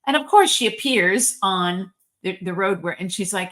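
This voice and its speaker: A woman's voice: medium pitch, lively intonation, normal speed, fairly bright tone. A woman, a reverend, telling a religious story in an informal spiritual talk, chatty, with frequent ums and likes.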